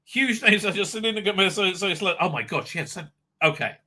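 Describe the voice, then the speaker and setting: A man hosting a casual live-stream rant, his voice pitched high and very bright and cutting. He swears constantly and mocks what he hears, now and then jumping into loud shouts. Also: fast. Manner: profane, mocking, jumps into sudden shouts. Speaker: livestream commentary host.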